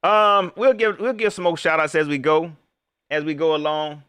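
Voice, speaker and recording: A young man hosting a live stream, chatting casually and giving loose, slangy shout-outs to viewers. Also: a little high, normal speed, smooth, no room sound. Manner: loose, slangy, rambling, lively.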